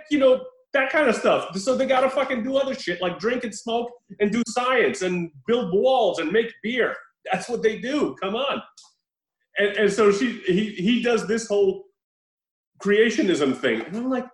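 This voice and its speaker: A man hosting a casual podcast chat, telling a story in an animated way, laughing often and swearing freely. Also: sits high, unhurried. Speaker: podcast host reviewing a film. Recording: roomy echo.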